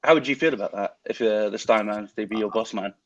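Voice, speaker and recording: A man co-hosting a podcast, curiously firing off quick questions. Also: lowish voice, no echo, lo-fi sound. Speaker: podcast co-host. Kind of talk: casual podcast chat.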